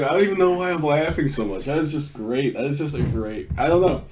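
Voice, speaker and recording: A man reacts to a video in loose, casual commentary. He swears freely and keeps breaking into laughter. His pitch swings widely as he talks. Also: animated, quick pace, a little mellow, a little hiss or hum. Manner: crude, laughs a lot, swears.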